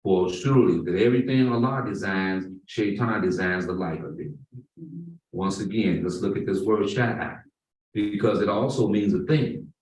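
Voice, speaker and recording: A man's voice: fairly low pitch, darkish tone. Man preaching a sermon in an echoey hall. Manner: emphatic, slow and drawn-out on key words. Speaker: imam. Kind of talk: Friday sermon. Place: mosque prayer hall. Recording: roomy echo, far from the mic.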